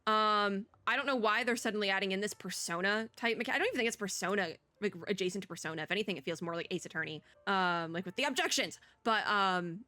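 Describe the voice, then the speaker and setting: A woman's voice: medium pitch, fast, hardly any pauses, pushed and bright, no echo. A young woman streamer chatting and joking while reading game dialogue aloud in a let's play. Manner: chatty, joking, laughs often. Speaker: VTuber streamer.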